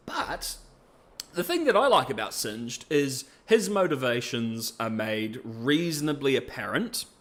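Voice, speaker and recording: This podcast host has a mid-range, fairly bright voice. He reviews characters in a casual, chatty way, tossing in jokes and playful asides.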